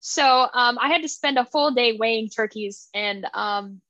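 A young American woman co-hosting a book chat podcast, her voice pitched high and recorded close and dry. She talks casually and excitably, laughing often and jumping into animated quotes. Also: measured pace, no room sound, highs cut off. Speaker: podcast co-host.

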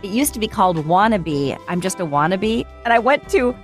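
A woman's voice: medium pitch, a little fast, soft background music. An American woman, a singer-songwriter and voice actress, chatting casually as an interview guest and acting out what others said. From United States. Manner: animated storyteller, acts out quotes.

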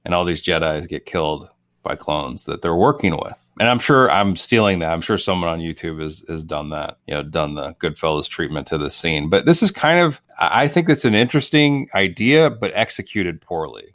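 A man with a very low voice chats casually about a movie. He rambles, circles back, and restarts his thoughts, all in a dry, close-miked sound. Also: animated, a little fast, a bit bright, no room sound. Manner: rambling, loose, self-interrupting. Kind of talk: casual movie podcast chat.

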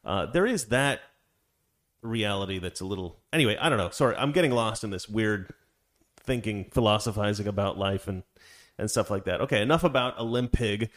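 A man's voice: lowish voice, a little fast. A man co-hosting a casual livestream chat, rambling with many fillers and restarts. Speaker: livestream co-host.

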